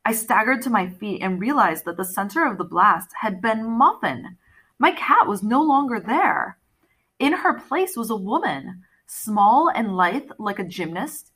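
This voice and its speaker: Woman, audiobook narrator, first-person, animated, bright voice, breathy edge. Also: medium pitch, a little slow. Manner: lively, animated storytelling.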